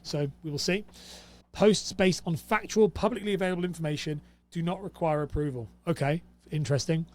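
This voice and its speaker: A young man with a fairly high voice talks casually to camera. He reads rules aloud and answers them with dry, exasperated sarcasm. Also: fairly quick. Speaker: host.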